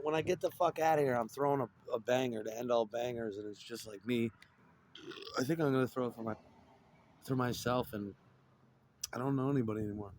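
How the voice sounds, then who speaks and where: A man's voice: medium pitch, fairly quick, long pauses, a little mellow, a little hiss or hum. A middle-aged man in a profane, rambling monologue that jumps from topic to topic.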